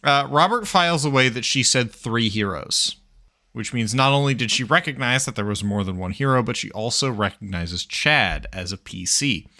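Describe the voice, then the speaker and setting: A man's voice: mid-range voice, animated, moderate pace, pushed and bright. Wry man playing a tabletop game. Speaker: player. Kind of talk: tabletop game play, in and out of character.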